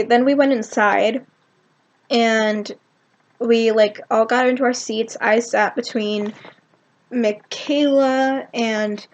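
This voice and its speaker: A woman from Virginia telling an excited, rambling storytime in a vlog, full of "like" and "um". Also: a little high. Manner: excited, rambling, heavy use of "like" and "um". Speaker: vlogger.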